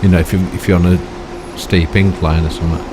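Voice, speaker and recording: A man's voice: low-pitched, little pitch movement, brisk, background noise. An older man giving rambling, chatty commentary on his own gameplay, full of tag questions and self-mocking asides. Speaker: gaming YouTuber.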